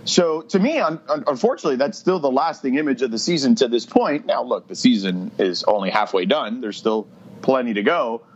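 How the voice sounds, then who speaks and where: A man's voice: medium pitch, lively intonation, brisk, husky, lo-fi sound. A man who hosts a sports radio show, talking basketball on a podcast in a blunt, matter-of-fact way. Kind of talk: casual sports talk.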